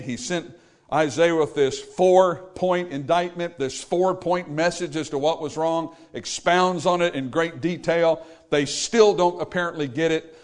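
Male pastor, emphatic sermon delivery, voice pitched high and bright. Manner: emphatic, repetitive preaching cadence.

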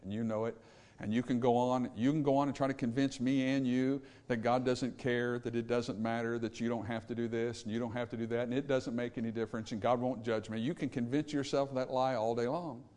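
A man preaching, swinging between loud emphatic points and hushed pleading. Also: mid-range voice. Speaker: pastor. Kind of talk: sermon. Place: church sanctuary.

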